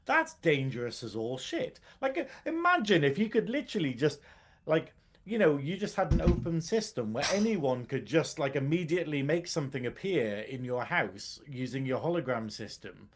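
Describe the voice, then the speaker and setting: A man's voice: fairly high pitch, sing-song, moderate pace. A man co-hosting a casual TV review podcast, rambling and swearing as he talks. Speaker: podcast co-host.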